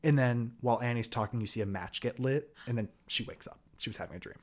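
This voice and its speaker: A man's voice: medium pitch, quick pace, a little mellow, slight background noise. A young man hosting a podcast, recapping a plot in a loose, rambling way full of "like" and "whatever". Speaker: podcast host.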